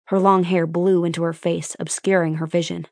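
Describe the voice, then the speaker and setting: A woman with a lowish voice reads a suspense audiobook in a steady, measured way. The recording is close and very dry, with no room sound at all. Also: dry recording. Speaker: audiobook narrator. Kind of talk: scripted narration.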